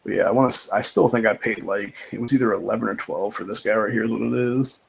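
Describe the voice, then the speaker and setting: A man's voice: lowish voice, fairly even intonation, fast, gravelly, breathy edge, poor audio. A man hosting a livestream, talking in a rambling, profane, casual rant with lots of repeated filler phrases. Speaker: livestream host.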